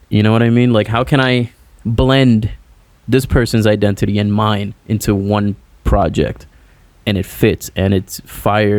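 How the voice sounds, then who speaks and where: A man's voice: lowish voice, a little mellow, no echo. A man, a musician guest, chatting casually on a podcast over a remote call, rambling and filling his talk with "like" and "you know".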